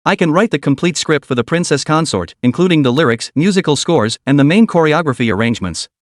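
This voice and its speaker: A man voicing a composed little boy prodigy, speaking calmly and reassuringly. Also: on the high side, fast talker, no room sound, studio quality, natural voice. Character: calm, self-assured little boy prodigy.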